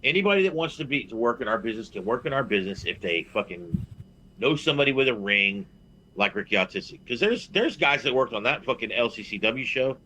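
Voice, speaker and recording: A man on a podcast telling a blunt, profane story as a veteran wrestler and getting loud and heated. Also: medium pitch, big pitch swings, fast talker, slight background noise, rough recording. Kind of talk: casual podcast chat.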